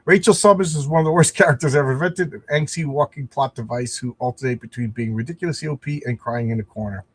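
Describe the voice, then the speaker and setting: Husky rambling man on a livestream. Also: medium pitch, fast talker. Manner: rambling, self-deprecating, frequent restarts. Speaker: comic book creator and livestream host. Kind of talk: casual livestream chat.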